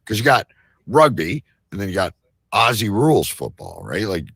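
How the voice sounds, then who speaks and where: Gravelly low-voiced man, rambling and joking. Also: huge pitch swings, normal speed, fairly bright tone, dry recording, studio quality. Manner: rambling, joking, swears casually. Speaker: co-host. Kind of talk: casual live-stream chat.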